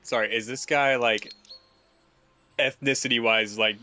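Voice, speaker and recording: A man playing a tabletop game who talks haltingly, restarting his sentences. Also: mid-range voice, fairly even intonation, sharp tone. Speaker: player.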